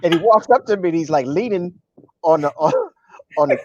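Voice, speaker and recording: A man's voice: a little high, brisk, dry recording, muffled recording. A man, a comedian guest, telling a funny road story in casual chat and acting out the people in it. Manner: animated, mimics voices and groans.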